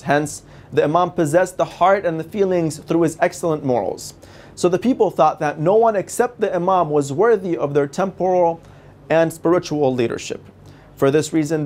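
Male religious TV presenter, slightly high-pitched, formal and measured scripted lecture delivery. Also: darkish tone.

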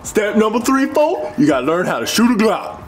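A man's voice: sits high, sing-song, normal speed, soft background music. A man voicing a swaggering, slangy male dinosaur puppet in a comedy sketch, drawling street slang and calling everyone folk.

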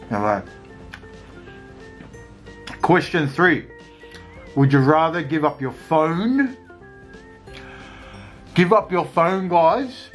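A man's voice: a little high, fairly bright tone. A man chatting casually at home as a family vlogger, eating and laughing between bites. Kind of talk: casual mukbang chat.

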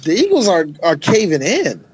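A man co-hosting a casual sports podcast, talking fast and animated, profane, with lots of laughter. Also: high-pitched, slightly rough. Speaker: podcast co-host.

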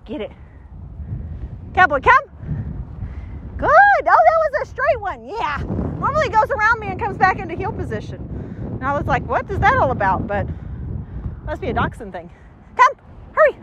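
A woman dog trainer commenting during an outdoor training session, giving quick commands and upbeat praise to a dog. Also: very high voice, sing-song, lo-fi sound, heavy background noise. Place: outdoors near trees.

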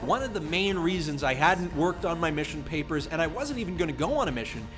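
A young man livestreaming in casual chat, excitable and earnest by turns. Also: on the high side, fast, over music. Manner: excitable, swings from earnest to joking.

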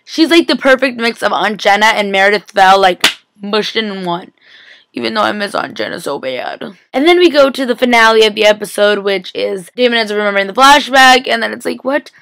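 Late at night, at four a.m., a sleepy young woman vlogger giggles her way through a rambling, chatty TV episode recap, saying "like" all the time. Her mid-range voice is creaky, fairly bright and fairly quick, with lively intonation and no echo, captured on a laptop webcam mic.

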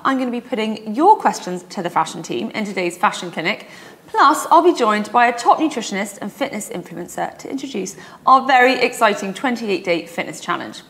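A woman's voice: mid-range voice, fairly bright tone. Chatty woman hosting. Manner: chatty, laughs often, blunt. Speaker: host. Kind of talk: casual studio chat. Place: studio sofa.

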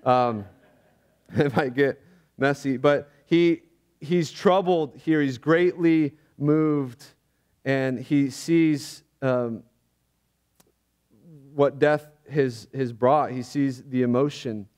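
A man's voice: mid-range voice, darkish tone, clean tone. Earnest man preaching a sermon. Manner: earnest, reflective, often halting. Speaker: pastor. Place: church.

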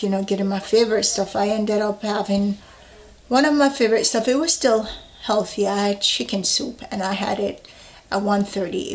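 A woman talks slowly and easily into a phone camera at her table, rambling with plenty of fillers while she eats. Her voice sits at an ordinary middle pitch and she keeps it casual, like a personal vlog. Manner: relaxed, rambling, with fillers, talking while eating. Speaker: health vlogger.

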